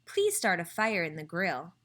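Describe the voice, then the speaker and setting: A woman's voice: fairly low pitch, wildly swooping pitch, normal speed, fairly bright tone. A woman reading as a kindly, lilting storybook wife. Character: kindly, sweet-toothed grown woman.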